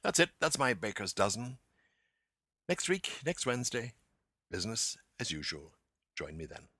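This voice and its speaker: Lively, gravelly-voiced man hosting a literature podcast. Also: mid-range voice, normal speed, no room sound. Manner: animated, theatrical, playful asides to the listener. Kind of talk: literary lecture podcast with readings.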